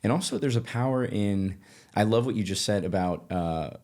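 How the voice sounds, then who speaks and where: A man from Colorado hosting a podcast, telling stories in a casual, animated way with lots of restarts. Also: on the low side, moderate pace. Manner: animated, self-interrupting storyteller. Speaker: podcast host, actor. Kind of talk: casual storytelling chat.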